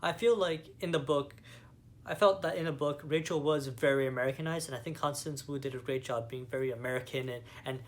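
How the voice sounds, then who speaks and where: A man's voice: medium pitch, a little fast. A young man from Canada giving a casual movie review, rambling with lots of fillers and enthusiasm. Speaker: vlogger.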